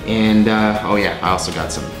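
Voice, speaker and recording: A man's voice: on the low side, normal speed, over music. A young man talking casually to his viewers in a food vlog, chatty and upbeat, calling them folks and guys. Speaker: food vlogger. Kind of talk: casual vlog talk to camera.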